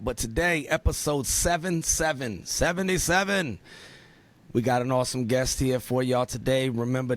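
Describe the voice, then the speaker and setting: A man hosting his own podcast, talking in an enthusiastic, animated way and often repeating himself. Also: medium pitch. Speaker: podcast host. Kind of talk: casual podcast chat.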